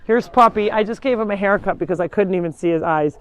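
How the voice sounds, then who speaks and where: A woman's voice: mid-range voice, quick pace, muffled recording, slight background noise. A woman hosting a casual live tour of an animal sanctuary, chatting and breaking off to call animals over. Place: outdoors at a farm.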